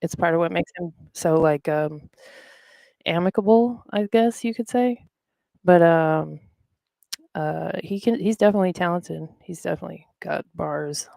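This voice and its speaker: Gravelly casual podcast host. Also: mid-range voice, normal speed, a little mellow, no echo, studio quality. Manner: rambling, talks to self while browsing. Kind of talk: casual chat.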